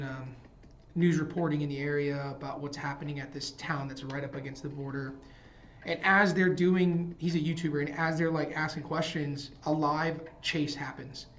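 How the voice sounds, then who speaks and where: A young man hosting a trading live stream, calmly talking himself through his decisions and feelings in casual commentary. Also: a little high, a little hiss or hum. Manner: thinking aloud, talking himself through emotions. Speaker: trading livestream host. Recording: dull lo-fi stream audio with faint music.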